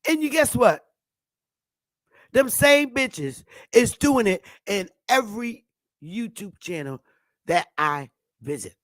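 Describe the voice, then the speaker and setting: A brash woman vlogger rants in a profane, taunting monologue. She talks slowly, but her pitch leaps around in a lively way. The sound is close and dry. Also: dry recording. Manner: brash, taunting, laughs often.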